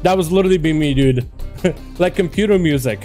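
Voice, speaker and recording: Chatty young man streaming, higher voice. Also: brisk, mellow. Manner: chatty, rambling, jokey, talks to chat. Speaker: livestream host. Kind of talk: casual gaming livestream chat. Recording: faint music behind. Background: faint background music.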